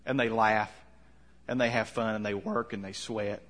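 A man preaching a conversational sermon, asking questions and letting his voice drop soft at the ends of lines. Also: fairly low pitch, steady tone, moderate pace. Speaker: pastor.

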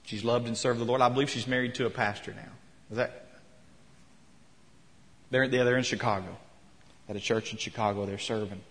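Male pastor, mid-pitched voice, storytelling sermon, church with long reverb. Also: steady tone, brisk, long pauses, a bit bright. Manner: storytelling, retelling quotes with rising emphasis. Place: church sanctuary.

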